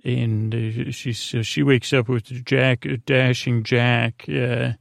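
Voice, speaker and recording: A man's voice: medium pitch, little pitch movement, takes it slowly, vocal fry, no room sound, clean studio sound. A man hosting a podcast, recapping an episode in a meandering way full of fillers and restarts, meant for falling asleep to. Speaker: podcast host. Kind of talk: rambling episode recap for sleep.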